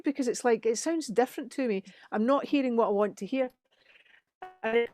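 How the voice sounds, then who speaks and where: Scottish woman musician chatting, bit high voice, dry close sound, lots of acted-out quotes. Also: a little fast, no room sound, faint music behind. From Scotland. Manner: animated storytelling, acts out quotes. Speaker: musician guest. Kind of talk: casual chat.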